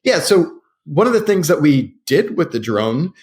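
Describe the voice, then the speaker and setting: A man co-hosting a podcast in relaxed casual chat, recounting a job and handing questions to his partner. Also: fairly high pitch, moderate pace. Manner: relaxed, steers the conversation with questions. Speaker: podcast co-host.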